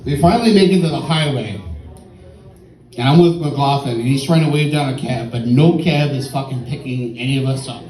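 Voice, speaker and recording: A man's voice: mid-range voice, normal speed, a little mellow, echoey room, far from the mic, poor audio. A tipsy man telling a rambling, profane story in a stand-up set at a comedy club.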